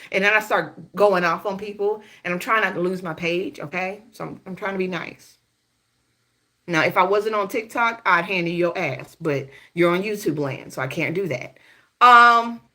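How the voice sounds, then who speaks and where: A Houston, Texas woman with a Southern accent hosts a gossip show, her medium-pitched voice bright and forceful. The monologue is casual and profane, packed with laughing asides and "y'all" aimed at viewers.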